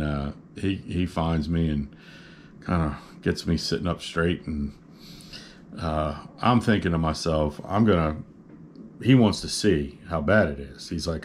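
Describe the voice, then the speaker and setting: A man with a very low, deep voice tells a story from his own life in a loose, chatty way. He rambles good-naturedly and fills his pauses with "uh" and "you know". Faint background noise sits under his voice. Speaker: vlogger telling a personal story. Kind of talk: casual storytelling.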